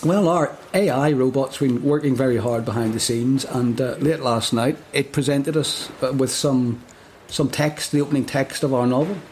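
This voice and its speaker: A man's voice: medium pitch, moderate pace, hardly any pauses, a little mellow, a little hiss or hum. A man co-hosting a casual podcast chat, jokey and often laughing. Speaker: podcast co-host.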